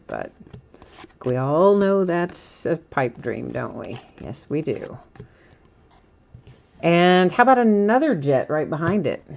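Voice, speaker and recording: A woman's voice: low voice, vocal fry, a little mellow, slight background noise. A woman hosting a live-stream card break, chatting and laughing as she reveals each card and often trips over player names.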